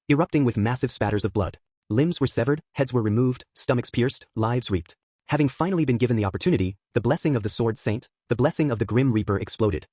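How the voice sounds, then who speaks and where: A man narrating an audiobook, reading quickly and evenly. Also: mid-range voice, a little mellow, slightly rough, dry recording, clean studio sound.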